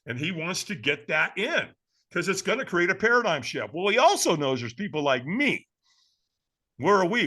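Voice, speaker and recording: A man guesting on a podcast, telling a personal story in a lively, dramatic way and laughing as he goes, with a casual manner. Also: fairly high pitch. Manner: casual, addresses the host as man and brother.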